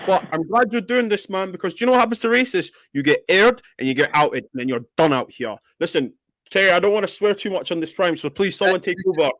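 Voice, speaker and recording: A man's voice: sits high, animated, fast talker, a bit bright, no echo. A man, calling someone out on a live-stream panel, heated and swearing. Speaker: panel member. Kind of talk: angry live-stream call-out.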